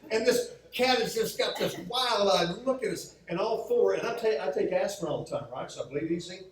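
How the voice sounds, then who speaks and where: Animated and fairly quick, a pastor with a high voice fills his sermon with comic storytelling and acted-out quotes. A distant mic records him in a church sanctuary with very strong hall echo.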